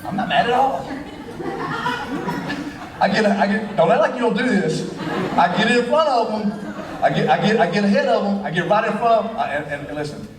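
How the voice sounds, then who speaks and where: A man preaching a sermon as pastor, animated and joking, often repeating words as he starts a phrase. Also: sits high, fast talker, crowd noise, background noise. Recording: echoey hall, voice a bit distant.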